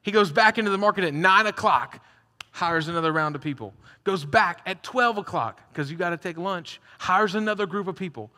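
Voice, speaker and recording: A man preaching a sermon in an animated, conversational way, acting out the story as he goes. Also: high-pitched, brisk. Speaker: pastor. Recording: long hall reverb.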